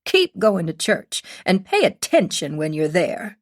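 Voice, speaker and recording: A woman's voice: fairly low pitch, very animated, unhurried. A woman reading an audiobook and voicing a stern, suspicious woman in her late seventies who scolds and preaches. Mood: snappish. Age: older.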